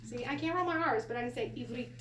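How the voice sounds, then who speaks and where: A high-pitched woman runs a relaxed Hebrew class, chatty and quick to laugh. She is heard from a distance in an echoey room, with a faint hiss underneath. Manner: chatty, laughs often, animated storytelling. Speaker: Hebrew teacher. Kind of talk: casual classroom lesson.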